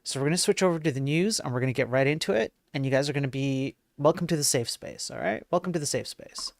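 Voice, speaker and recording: A man's voice: a little high, fast, gravelly, dry recording, clean studio sound. Rambling self-deprecating male streamer. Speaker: livestream host. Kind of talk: casual live-stream chat.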